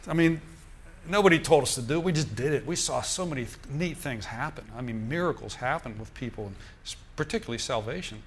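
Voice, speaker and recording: An older man preaching in a church, telling a personal story to the congregation in lively storytelling fashion with chuckles. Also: mid-range voice, fast talker, a little hiss or hum. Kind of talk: sermon testimony.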